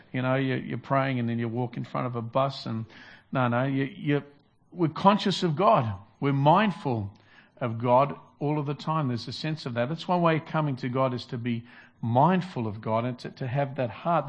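A man's voice: medium pitch, moderate pace. A man preaching a sermon in an earnest, repetitive style, restarting phrases as he builds his points. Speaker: pastor.

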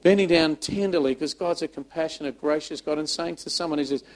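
A man preaches a sermon in a slightly higher-than-usual voice. He is emphatic, repeats words, and swings from loud passages to soft ones. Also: a little fast, rough recording. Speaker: pastor.

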